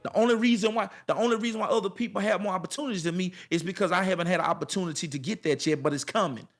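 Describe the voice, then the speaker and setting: Emphatic, high-voiced motivational man. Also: very fast. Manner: emphatic, repetitive, preacher-like cadence; colloquial, addresses viewers directly. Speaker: motivational speaker. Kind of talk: motivational monologue to camera.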